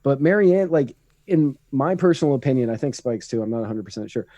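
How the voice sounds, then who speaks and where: A man's voice: medium pitch, a little fast, mellow, no echo, dull audio. A man co-hosting a podcast, giving opinionated, rambling political takes in casual chat. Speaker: podcast co-host.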